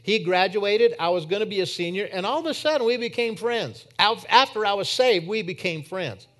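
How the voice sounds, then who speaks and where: Higher-pitched preacher man telling a testimony. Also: expressive, normal speed. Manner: storytelling, swinging from emphatic to hushed. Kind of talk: sermon with personal testimony.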